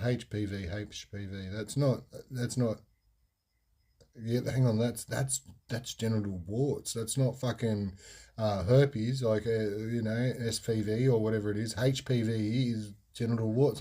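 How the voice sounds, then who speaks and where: Rambling young man with a mellow voice. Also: medium pitch. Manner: rambling, frank, lots of fillers and restarts. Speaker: podcast host. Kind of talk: casual storytelling monologue.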